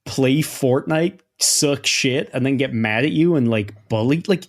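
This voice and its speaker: A man's voice: mid-range voice, measured pace. A man co-hosting a podcast in casual chat, joking, sarcastic and swearing. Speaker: podcast co-host.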